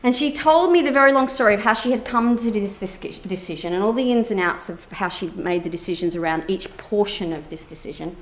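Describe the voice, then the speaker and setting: Animated woman telling a therapy story. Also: mid-range voice, a little fast, hardly any pauses. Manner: animated, acts out quoted dialogue, many fillers. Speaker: therapist and keynote speaker. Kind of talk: conference keynote talk, personal storytelling.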